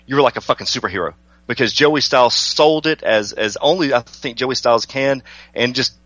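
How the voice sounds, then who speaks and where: A man's voice: mid-range voice, brisk, fairly bright tone, no echo, lo-fi sound. A man hosting a radio interview, polite and deferential, addressing his guest as sir. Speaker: radio show host.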